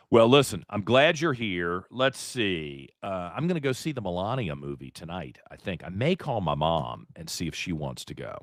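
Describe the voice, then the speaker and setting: A man's voice: deep voice, no echo, studio quality. A man hosting a live political talk show, speaking in an opinionated, rambling, conversational way. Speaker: host.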